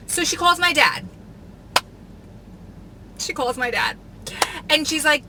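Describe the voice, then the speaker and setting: A middle-aged woman telling a story in a casual, animated vlog, laughing as she talks, filmed on a phone mounted in her car. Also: high-pitched, a little slow, pauses often, low-quality recording. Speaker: vlogger. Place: inside a car. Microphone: phone mounted on the car vent. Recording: car noise behind the voice.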